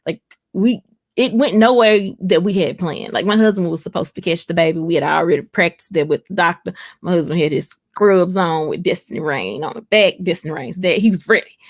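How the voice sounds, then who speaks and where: Woman, casual live chat, storytelling, gravelly, dry. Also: fairly low pitch, dry recording. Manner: storytelling, addresses viewers as y'all. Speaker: live-stream host.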